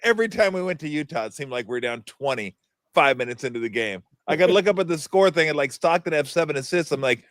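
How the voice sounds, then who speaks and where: A man's voice: on the high side, animated, fast, a bit bright, no echo, studio quality. A middle-aged man hosting a casual sports talk show, telling stories animatedly and laughing often. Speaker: podcast host.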